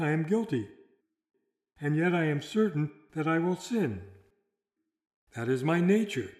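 Solemn preacher in an echoey room. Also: male voice, fairly high pitch, a little mellow. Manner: solemn, measured delivery with dramatic slowed quotations. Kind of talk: sermon.

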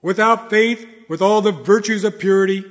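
A man preaching a sermon in a dramatic oratorical manner, swinging from loud declarations to hushed low lines. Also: normal speed, big-room sound.

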